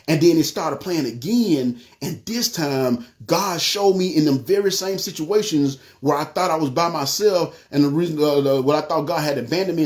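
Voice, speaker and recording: Man, higher-pitched. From North Memphis, USA. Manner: conversational, keeps addressing listeners as y'all; frequent "you know what I'm saying" fillers. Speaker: speaker giving a testimony. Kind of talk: personal testimony to camera.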